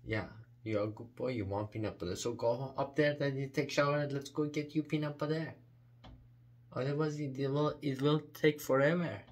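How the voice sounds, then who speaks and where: A man's voice: medium pitch, steady tone, moderate pace. A man at home coaxing his pet bird in repetitive baby talk, asking the same questions over and over. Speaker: pet owner.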